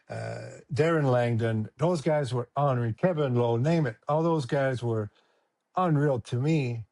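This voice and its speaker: A middle-aged man tells stories as a podcast guest. His voice sits at an ordinary middle pitch, and he talks in an emotional, animated way, often acting out the voices of others. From Quebec, Canada. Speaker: podcast guest, former hockey player. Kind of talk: casual storytelling interview.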